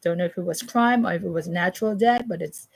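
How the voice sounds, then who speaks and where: A woman's voice: on the low side, fast, creaky, slightly rough, low-quality recording. A woman talking in a rambling, repetitive monologue, reading news aloud with restarts and stammers, often emphatic. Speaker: vlogger commenting on news.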